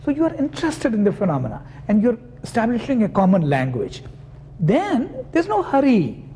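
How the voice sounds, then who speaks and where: A man's voice: high-pitched, huge pitch swings, moderate pace, mellow, slight background noise. A man, a psychoanalyst, giving an academic lecture and explaining his points patiently through clinical examples.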